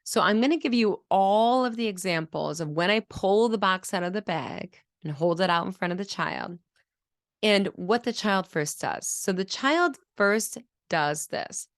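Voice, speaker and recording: A woman's voice: mid-range voice, lively intonation, unhurried, no echo, clean studio sound. A woman who works as a speech-language pathologist, teaching a lesson in an explanatory way and demonstrating speech sounds. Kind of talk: educational video lesson.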